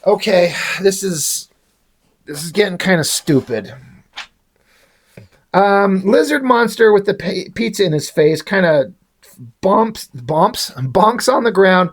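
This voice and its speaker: A man's voice: sits high, lively intonation, slow, long pauses, slightly rough. A man reviewing a comic book in a casual rant, sarcastic, exasperated and full of swearing.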